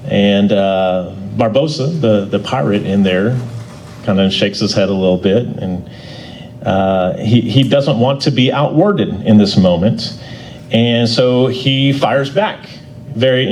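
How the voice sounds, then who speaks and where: A man teaching a church Bible class in a folksy, conversational way. He often restarts and repeats words, and he gets louder on his key points. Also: mid-range voice, a little hiss or hum, poor audio.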